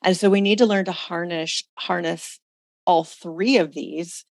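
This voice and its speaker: Low gravelly woman leading a coaching call. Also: fairly even intonation, a little slow, no echo. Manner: reflective, guiding listeners through exercises. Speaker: host leading a women's community call. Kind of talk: coaching talk on a group call.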